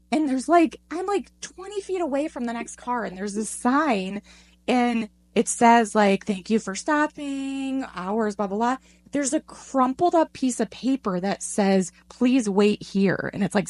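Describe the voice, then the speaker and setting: A middle-aged woman co-hosting a podcast in casual chat, telling a story with lively voices for the people in it. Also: measured pace. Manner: animated storytelling, acts out voices with big pitch swings. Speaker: podcast co-host.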